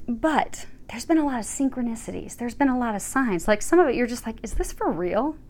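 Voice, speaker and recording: A woman's voice: on the high side, lively intonation, brisk, a little mellow. Chatty woman giving a tarot reading. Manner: chatty, earnest, swears casually, laughs often. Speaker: tarot reader. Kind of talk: casual spiritual card reading.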